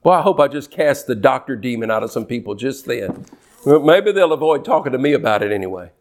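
A male preacher, delivering a lively sermon and mimicking complainers in whiny voices. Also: medium pitch, brisk. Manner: animated, mocks worriers in whiny put-on voices.

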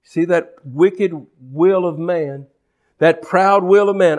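A man's voice: high-pitched, slow, darkish tone. A man preaching a sermon with passion, repeating and restarting his phrases and acting out the speech he quotes.

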